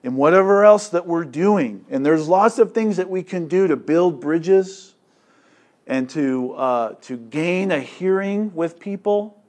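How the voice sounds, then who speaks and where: A man preaching an expository sermon, slow and deliberate, with loud emphatic swells and casual asides. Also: fairly high pitch, animated. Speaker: pastor.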